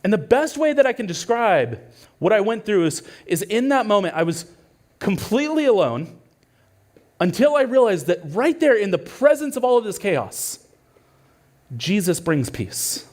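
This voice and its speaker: A man in his thirties, a pastor preaching a sermon with earnest storytelling that swings between hushed and urgent. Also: high-pitched, big pitch swings, moderate pace. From California.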